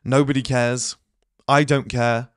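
A man's voice: medium pitch, flat delivery, no room sound. Man, blunt motivational monologue, says he is ill, dry close sound. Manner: blunt, rapid asides and acted-out quotes. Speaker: host.

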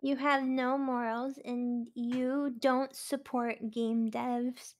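A guest on a live gaming stream, chatting casually with teasing, deadpan jokes. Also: high voice, takes it slowly.

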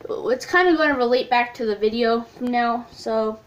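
A woman's voice: on the high side, moderate pace, dull audio. A woman hosting her channel, talking through a casual recap in a rambling way with many ums and restarts. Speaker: channel host. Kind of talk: casual video recap talk.

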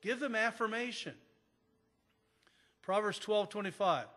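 A pastor preaching a sermon in an earnest manner, repeating key phrases for emphasis. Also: male voice, a little high, animated, a little slow, pauses often, pushed and bright. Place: church sanctuary. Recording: long church reverb.

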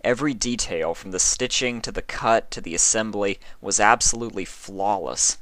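Deep-voiced man reading a story aloud. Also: moderate pace, fairly bright tone, dry recording. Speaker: story reader. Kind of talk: audiobook narration.

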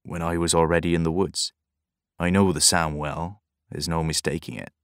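A man voicing a tired old grey-haired fisherman who speaks in a slow, soft mutter, in an audiobook. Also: sits low, steady tone, clear, resonant tone, no room sound, clean studio sound. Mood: weary.

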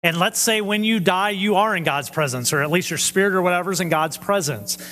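A man's voice: sits high, brisk, fairly bright tone. A man preaching a conversational sermon who often checks in with the audience and acts out quoted voices animatedly. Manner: conversational, asks the audience questions. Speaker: pastor. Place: church hall. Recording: long church hall reverb.

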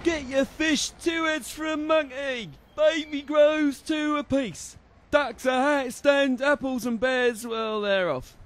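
A man's voice: very high voice, fairly even intonation, slow, fairly bright tone, exaggerated voice. A man playing a scheming market trader who fakes a hammy Cockney accent, in an amateur comedy sketch. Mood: hawking. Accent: put-on Cockney. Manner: hammy market-stall patter, conspiratorial asides.

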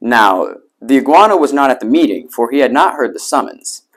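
A man's voice: medium pitch, sing-song, a little fast, a bit bright. A man reads a children's picture book aloud in a mid-range voice, adding little spoken sound effects along the way. His delivery is a plain storybook narration. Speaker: reader.

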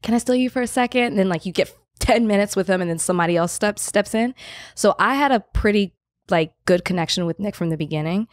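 Woman in her 30s, low-ish voice, chatty storytelling on a podcast, dry sound. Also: brisk, no echo. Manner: animated storytelling, acts out quoted voices. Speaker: podcast guest. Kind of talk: casual chat.

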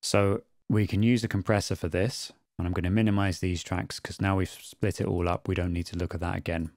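A man narrating an audio production tutorial in a calm, methodical way. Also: low-pitched, fairly quick, no echo, clean studio sound. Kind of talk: screen-recorded tutorial narration.

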